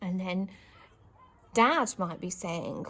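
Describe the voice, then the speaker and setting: A woman with an English accent teaching young children, speaking slowly and clearly and acting out characters' lines in big high voices. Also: animated, fairly bright tone. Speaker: primary school teacher.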